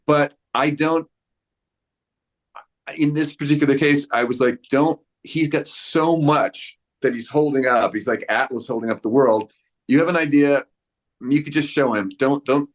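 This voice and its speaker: A man's voice: medium pitch, measured pace. A man in his sixties, an actor giving a press interview, who rambles with many restarts and acts out quoted voices. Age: 60s. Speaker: actor guest.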